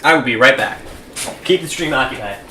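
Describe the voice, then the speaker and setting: A man's voice: medium pitch, lively intonation, fairly quick. A man co-hosting a podcast, chatting casually with loose, playful rambling. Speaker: podcast co-host. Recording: roomy, distant mic with faint hiss.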